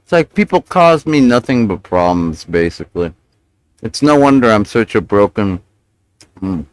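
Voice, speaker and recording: On his live stream, a man with a lowish, sing-song voice talks at a normal speed, ranting, swearing, and defending himself while mumbling with his mouth full. The tone is clean and echo-free, though the recording quality is low.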